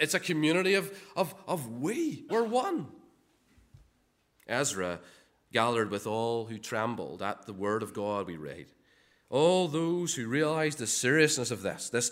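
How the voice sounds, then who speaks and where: A man's voice: mid-range voice, a bit bright. A man preaching a sermon in a conversational way, often repeating words and asking rhetorical questions.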